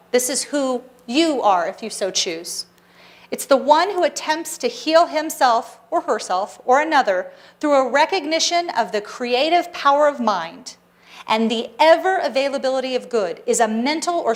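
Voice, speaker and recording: A woman with a high, bright-pitched voice delivers a Sunday sermon to her congregation. She speaks earnestly and encouragingly, often slipping in playful asides. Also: expressive, normal speed. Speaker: spiritual practitioner giving the Sunday talk. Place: church service hall.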